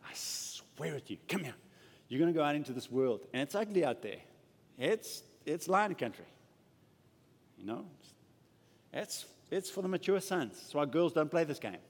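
A man's voice: on the high side, big pitch swings, moderate pace, pauses often. Emphatic male preacher in a reverberant church. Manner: emphatic preaching, shifting between loud declaration and hushed intimacy. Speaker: pastor. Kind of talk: sermon with prayer. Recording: church hall with long reverb.

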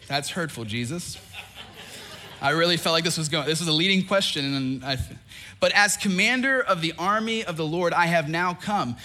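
A young man preaching a sermon, animated and joking, acting out the voices in the story he tells. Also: fairly high pitch, normal speed. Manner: animated, acts out quoted voices, jokes with the crowd. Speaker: pastor.

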